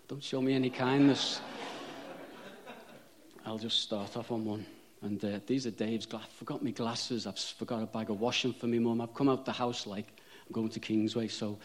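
A man preaching a sermon, chatty and self-deprecating, rising to fervent emphasis on repeated phrases. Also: fairly low pitch.

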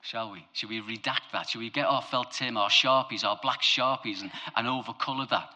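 Bright, animated preacher man. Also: medium pitch, a little fast. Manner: animated, humorous, voice rising to emphatic peaks. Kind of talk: sermon.

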